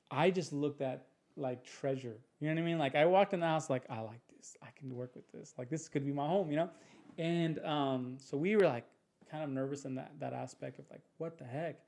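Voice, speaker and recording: A young man, a podcast guest, telling a story in casual chat, animated and acting out the voices of others with quick restarts. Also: a little high.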